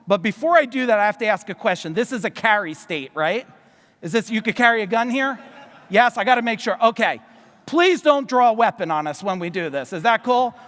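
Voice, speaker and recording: A man from New Jersey giving a loud, fast, profane motivational business seminar to a live audience in a large hall. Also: high voice, lively intonation. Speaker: business speaker. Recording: long reverb of a large hall.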